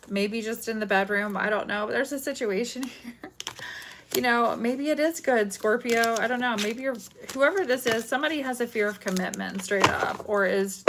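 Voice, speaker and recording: A woman's voice: a little high, moderate pace, fairly bright tone. Woman, tarot reader, chatty and giggly, rambling delivery, noisy home stream, shuffling cards. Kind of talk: live tarot reading.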